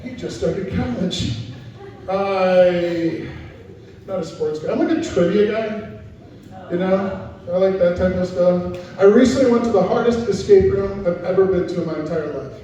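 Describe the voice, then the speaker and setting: A man's voice: high voice, a little slow, warm tone. A middle-aged man doing stand-up comedy at a live venue, chatting with the crowd in a self-deprecating way. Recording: echoey room, distant muffled mic.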